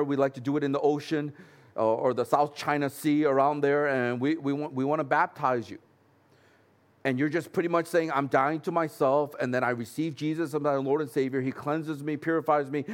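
Man preaching a conversational sermon. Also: on the high side. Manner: earnest, conversational preaching with humorous asides. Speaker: pastor.

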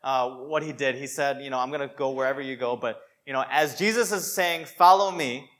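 A man preaching a sermon in a conversational, animated way, full of "you know" and "like". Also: medium pitch, a little fast.

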